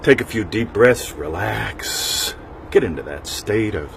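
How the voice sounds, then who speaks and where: A man's voice: fairly low pitch, lively intonation, slow, gravelly, noisy background. A middle-aged man hosting a casual talk show, rambling and joking with frequent asides to his listeners. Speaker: podcast host.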